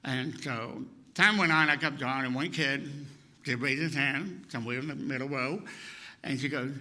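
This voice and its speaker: A man's voice: mid-range voice, normal speed. A man in his sixties preaching a sermon as a humorous personal story, acting out the people he quotes. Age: 60s. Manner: lively storyteller who acts out the people he quotes. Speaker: guest speaker.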